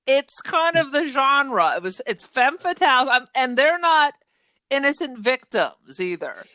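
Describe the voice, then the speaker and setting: A woman co-hosting a podcast, chatting casually and retelling a film's plot in an animated way. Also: high-pitched, unhurried, dry recording. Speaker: podcast co-host. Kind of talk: casual chat.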